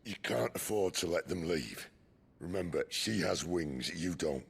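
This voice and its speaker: An actor playing a battered, sarcastic older male mercenary in a video game, with a gravelly, husky voice and a dry manner. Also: low-pitched, animated, measured pace, exaggerated voice. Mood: sardonic.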